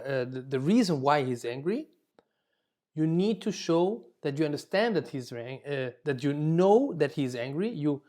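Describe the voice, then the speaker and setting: Warm-toned man lecturing dentists. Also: on the high side. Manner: explains with example phrases, frequent "okay?" check-ins; self-corrects mid-word. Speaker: dental communication instructor.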